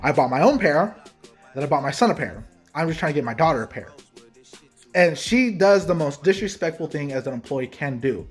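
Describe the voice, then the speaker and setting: A man, a parent and sneaker vlogger, telling a casual story to the camera with quoted dialogue, animated and heated. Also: fairly high pitch, a little fast, breathy edge, faint music behind. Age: adult parent.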